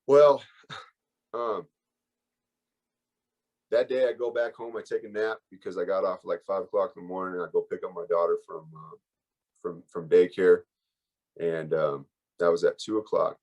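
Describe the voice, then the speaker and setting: A man's voice: low-pitched, fairly even intonation, fairly quick, darkish tone, lo-fi sound. A man giving a candid, emotional personal recovery share as a workshop speaker, rambling and full of fillers.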